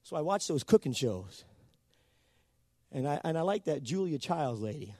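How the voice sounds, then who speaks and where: A man preaches a lively sermon, his high voice leaping up and down as he calls on the congregation to answer. The sound is dry and close, with little room echo. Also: moderate pace. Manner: animated, calls for responses from the congregation.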